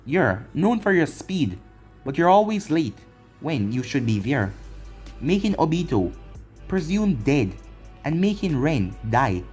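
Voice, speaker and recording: A man voicing a vengeful young ninja who taunts slowly and coldly, in a fan-made anime story reading. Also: fairly high pitch, big pitch swings, darkish tone, breathy edge, soft background music, exaggerated voice. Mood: taunting. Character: vengeful young man Naruto, cold and mocking.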